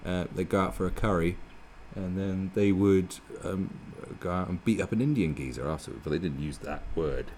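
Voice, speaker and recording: A man's voice: low voice, moderate pace, few pauses, a little hiss or hum. A man giving crude, mocking commentary on a video clip. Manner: animated, sweary, mocking. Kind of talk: profane reaction commentary.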